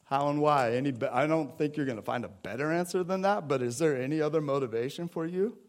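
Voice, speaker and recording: Pastor, male, fairly high voice, chatty sermon delivery with voices for Bible scenes. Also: quick pace. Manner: conversational preaching, calls out to the congregation. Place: church sanctuary.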